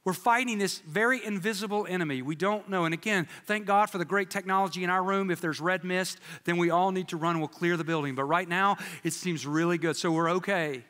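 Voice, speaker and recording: A man preaching a sermon as pastor, telling stories in an animated, joking way with playful quoted voices, in a church sanctuary. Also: high voice, a little fast, hardly any pauses, big-room sound.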